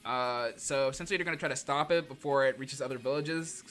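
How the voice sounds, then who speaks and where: A man's voice: on the high side, expressive, quick pace, hardly any pauses, pushed and bright, soft background music. A man livestreaming a comic reading, joking in heavy slang and laughing often. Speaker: streamer.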